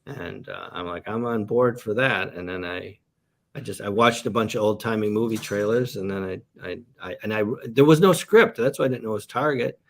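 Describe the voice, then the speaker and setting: A man's voice: lowish voice, a little fast, gravelly. A man, a comedian and actor, chatting as a guest in a casual interview and telling meandering stories.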